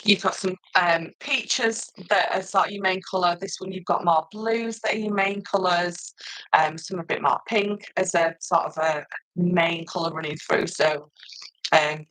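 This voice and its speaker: Chatty, loud woman, low voice. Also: fairly even intonation, a little slow, dry recording, low-quality recording. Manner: chatty, loud, laughs often. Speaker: craft presenter. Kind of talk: casual live stream chat.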